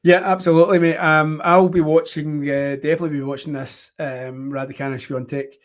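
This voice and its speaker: A man's voice: on the high side, flat delivery, fairly quick. Chatty man hosting. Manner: chatty, rambling with many ums. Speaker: host. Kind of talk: casual live-stream chat.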